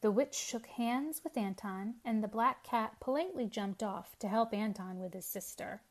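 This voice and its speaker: A woman reading a storybook aloud in measured, lively narration. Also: on the high side.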